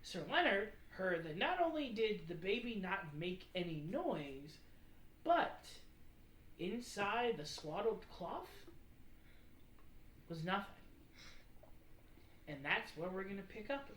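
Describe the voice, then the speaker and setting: A woman's voice: medium pitch, sing-song, slow pace, long pauses. A woman narrating as game master with rambling, filler-heavy descriptions. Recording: echoey room with background noise.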